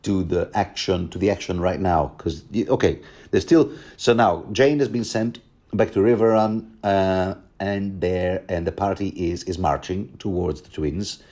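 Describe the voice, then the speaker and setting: A man's voice: sits low, measured pace, dark tone. A man rambling through a casual book commentary, often interrupting himself and laughing. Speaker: podcast host.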